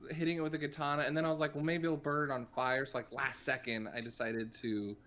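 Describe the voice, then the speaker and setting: A man's voice: medium pitch, flat delivery, brisk, fairly bright tone. Hesitant man with faint background noise. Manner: hesitant, lots of ums and likes. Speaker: player. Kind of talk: casual tabletop play.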